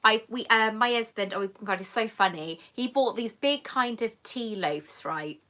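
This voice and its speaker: A woman's voice: a little high, normal speed, pushed and bright. A British woman hosting a live question-and-answer stream from home, chatting casually and greeting viewers with affectionate pet names. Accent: British English. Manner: chatty and affectionate, calls viewers love and sweetheart. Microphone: camera mic on a monopod.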